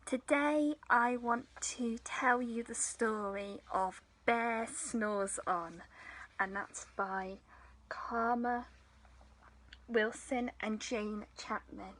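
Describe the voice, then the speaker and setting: Lively woman hosting a children's story time, bright voice, slow and sing-song, dry close sound. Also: on the high side, no room sound, poor audio. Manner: animated, playful, with gasps and hushed asides.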